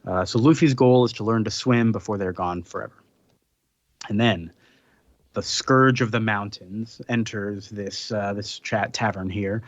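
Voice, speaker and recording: A man's voice: fairly low pitch, dry recording, highs cut off. A man hosting a podcast, casually recapping a comic's plot with frequent ums and little chuckles. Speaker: podcast host. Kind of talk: casual chat, summarizing a comic.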